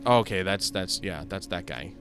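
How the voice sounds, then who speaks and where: A man's voice: sits low, moderate pace, over music. Rambling man narrating his gameplay. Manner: rambling, thinking aloud, self-mocking. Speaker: gaming video host. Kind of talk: casual gameplay commentary.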